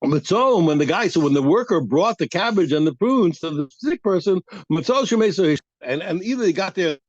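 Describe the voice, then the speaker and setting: A man teaching a daf yomi Talmud class, acting out both sides of the argument with halting restarts. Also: high voice, lively intonation, a little mellow, no echo, muffled recording.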